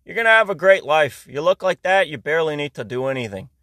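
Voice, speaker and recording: A man's voice: on the high side, animated, fast, sharp tone, dry recording. Ranting sarcastic man from Iran, dry sound. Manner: ranting, sarcastic, heavy swearing. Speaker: podcast host. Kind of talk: casual comedic monologue.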